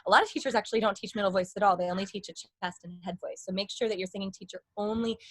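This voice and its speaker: A woman's voice: medium pitch, steady tone, rapid-fire, no room sound. A young adult woman vocal coach giving a casual, rambling lesson with demonstrations.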